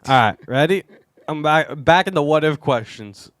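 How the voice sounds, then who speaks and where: An animated man hosts a casual podcast chat and laughs often. His pitch swings widely as he talks. The sound is dry and close, with no room echo. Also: normal speed. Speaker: podcast host.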